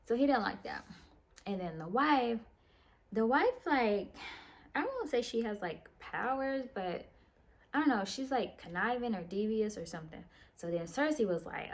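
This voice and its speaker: A woman's voice: on the high side, lively intonation, normal speed. A tired woman casually recapping a novel late at night, slangy and profane, wandering off track and acting out the characters' lines. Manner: slangy, profane, meandering retelling with mimicked dialogue. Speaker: book reviewer.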